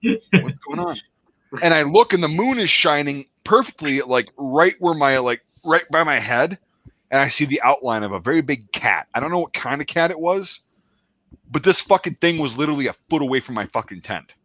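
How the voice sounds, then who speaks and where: A man tells a swearing, animated story in loose podcast chat. His voice is bright and forceful, close and dry. The sound is a little dull. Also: a little high, a little fast, no echo. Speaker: podcast host.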